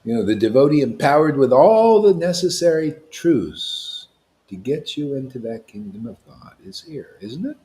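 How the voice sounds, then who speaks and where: A man preaching to a devotional gathering, emphatic and confrontational, with casual slang, swinging between loud declarations and hushed asides. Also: mid-range voice, big pitch swings, normal speed. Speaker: spiritual teacher at a devotee gathering. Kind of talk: impassioned devotional sermon.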